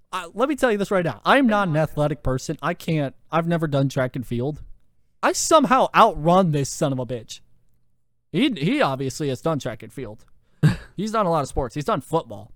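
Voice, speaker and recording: A young man hosting a podcast, telling a story in a lively, profane way with lots of fillers, into a handheld mic. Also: fairly high pitch, no echo, studio quality. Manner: animated, profane, full of fillers. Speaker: podcast host. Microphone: handheld microphone.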